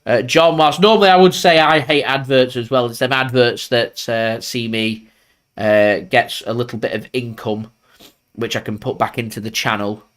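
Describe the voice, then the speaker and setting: A man's voice: medium pitch, fairly even intonation, normal speed, fairly bright tone. A man hosts a home livestream of a football match, talking in a loose, chatty way. He reacts to the action as it unfolds and drifts between the play and side remarks. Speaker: football fan channel host. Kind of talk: live match watchalong commentary.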